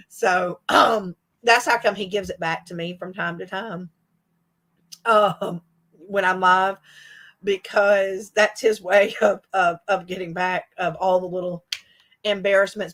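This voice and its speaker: A woman's voice: medium pitch, fairly even intonation, unhurried, a bit bright. A middle-aged woman, a teacher and livestream host, chatting casually with her viewers and laughing often. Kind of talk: casual live chat with viewers.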